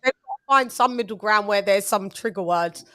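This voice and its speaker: A woman's voice: mid-range voice, normal speed, fairly bright tone, no echo, studio quality. A woman hosting a casual boxing watch-along, blunt and profane. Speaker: channel host.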